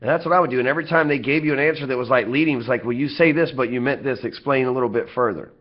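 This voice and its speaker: A man's voice: medium pitch, very fast. A man with a Southern US accent giving a casual sales training talk, blunt and profane with joking asides. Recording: slightly dull lo-fi audio.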